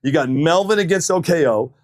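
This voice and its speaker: A man's voice: a little high, animated, brisk, no room sound, studio quality. Chatty man announcing at a drag track. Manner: joking, chatty, loud calls to the crowd. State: slightly out of breath. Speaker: race announcer. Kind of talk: casual live-stream commentary. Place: outdoor drag racing track. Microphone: wireless mic worn on body.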